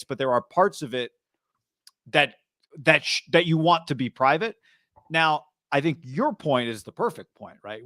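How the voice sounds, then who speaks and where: A man's voice: a little high, pushed and bright, no echo, clean studio sound. A man co-hosting a casual sports talk show, talking in an emphatic, conversational way and acting out quotes.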